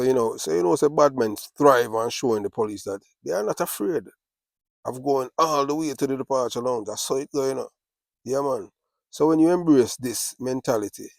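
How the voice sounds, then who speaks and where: A man's voice: medium pitch, creaky, no echo, studio quality. A man with a Jamaican accent, talking in a casual monologue with repetitive, boastful, patois-laced street talk.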